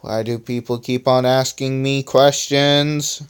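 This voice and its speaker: A man's voice: a little high, a little mellow, voice pushed up, close to an everyday voice. A man doing a fretful male time-traveling hero. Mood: annoyed. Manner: quick, fretful and exasperated.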